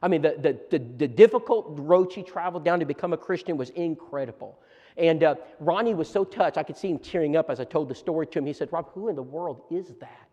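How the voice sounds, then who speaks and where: A man preacher telling lively stories at a church seminar, stumbling over restarts as he talks. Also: fairly high pitch, quick pace, dull audio. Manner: animated storytelling with many restarts. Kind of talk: storytelling seminar talk. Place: church auditorium. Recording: long church hall reverb.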